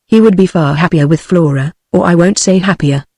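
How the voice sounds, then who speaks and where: A text-to-speech woman's voice with a British English accent, reading a novel aloud in an even, machine-like delivery. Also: lowish voice, fairly quick, no echo, clean studio sound. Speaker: audiobook narrator.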